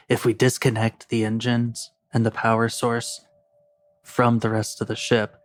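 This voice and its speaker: A man playing the captain in a tabletop game, speaking in a measured way. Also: mid-range voice, monotone. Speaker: player, ship captain. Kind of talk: tabletop role-play.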